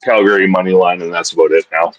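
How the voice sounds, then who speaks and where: A man on a live hockey betting show, chatting casually and excitably, often repeating his words as he starts a thought. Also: low-pitched, fast talker, dry recording, dull audio. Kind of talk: casual live-stream chat.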